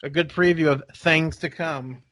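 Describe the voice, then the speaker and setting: On a podcast, a co-host spins a long, meandering story during casual talk, impersonating the people in it and frequently laughing. His voice is fairly high and steady at normal speed, a bit bright, and the recording is dry.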